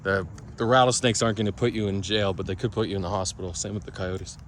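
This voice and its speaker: A man's voice: on the low side, fairly even intonation, fast, a little hiss or hum. A man vlogging about crypto and his day in a loose, digressive monologue full of restarts and asides. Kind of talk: casual rambling monologue.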